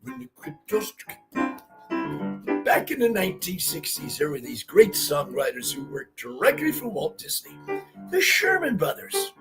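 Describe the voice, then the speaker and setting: A man with a high, bouncing voice leads a sing-along over his strumming guitar. His tone turns gravelly at the edges, and he talks between verses in a playful way. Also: huge pitch swings, a little slow. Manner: playful, leads call-and-response singing. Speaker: guest musician leading a sing-along. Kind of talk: singing with guitar and leading the listeners. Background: own acoustic guitar.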